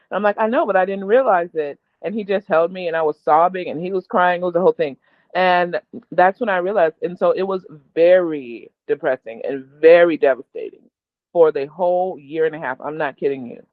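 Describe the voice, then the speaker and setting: A woman's voice: fairly low pitch, a little fast, dry recording. A woman guest speaking candidly and emotionally about her own life, laughing often as she talks. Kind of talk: candid personal storytelling. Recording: tinny, dry, phone-like line.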